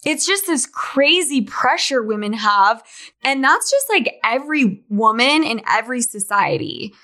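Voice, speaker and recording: Young woman, podcast host, candid and chatty, slightly high voice, casual monologue. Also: big pitch swings, unhurried, sharp tone. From Utah, USA. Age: 20s. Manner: candid, chatty, laughs often.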